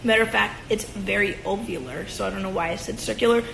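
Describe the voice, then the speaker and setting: A woman's voice: mid-range voice, fast, vocal fry, a bit bright, slight background noise. A woman in her twenties ranting casually and profanely on a livestream from her room at home, with sarcastic sung asides. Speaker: livestream host. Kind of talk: casual rant on a phone livestream. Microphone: phone at arm's length. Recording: echoey room on a phone stream.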